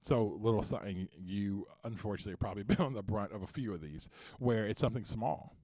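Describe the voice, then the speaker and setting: This man co-hosts a podcast and is also a CEO, speaking openly and passionately in a candid conversation, his voice climbing when he gets worked up. His voice is on the low side, fast and warm, captured in a dry, clean studio recording.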